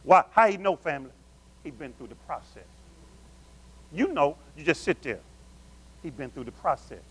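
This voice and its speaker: High-pitched animated preacher man. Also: normal speed, pauses often, slight background noise. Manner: animated call-and-response preaching, addresses the congregation as family. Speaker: pastor. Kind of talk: sermon.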